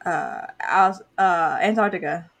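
Giggly flustered woman with husky voice. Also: lowish voice, takes it slowly, fairly bright tone. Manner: giggly, flustered, self-deprecating. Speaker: podcast co-host. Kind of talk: casual chat.

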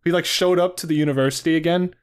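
A man's voice: fairly high pitch, steady tone, fast, clean tone. A man co-hosting a podcast in casual chat, rambling with many fillers and frequent laughter. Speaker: podcast co-host.

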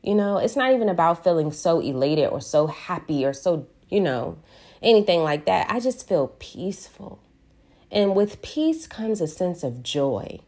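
A woman with a notably low voice and a lilt hosts a casual solo podcast. She talks in an earnest, reflective way and draws out the words she wants to stress. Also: sing-song, mellow. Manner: earnest, reflective, drawn-out emphasis on key words. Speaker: podcast host.

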